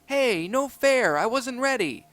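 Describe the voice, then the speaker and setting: Short-fused boy pup played by a man, pitched well up, loud and biting. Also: sing-song, moderate pace, dry recording. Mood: sulky. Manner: shouting, snarling. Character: hot-tempered young male pup.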